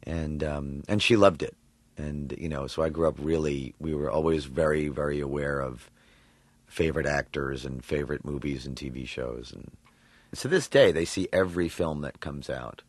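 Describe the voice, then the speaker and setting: A man from New York with an extremely low voice talks about his acting work, animated and quick to laugh. He circles his thoughts with plenty of fillers and restarts. The sound is close and dry, as in a studio. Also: dry recording. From New York, USA. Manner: animated, laughs often, thinks aloud with fillers. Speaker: voice actor guest. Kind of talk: interview answers.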